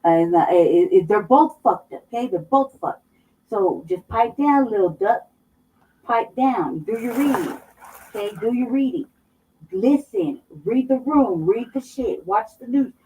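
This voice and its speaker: A woman's voice: on the high side, expressive, moderate pace, mellow, slight background noise. A woman from Colorado co-hosting a casual political talk show, blunt and emphatic, swearing heavily as she makes her points. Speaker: co-host. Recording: dull, somewhat distant mic.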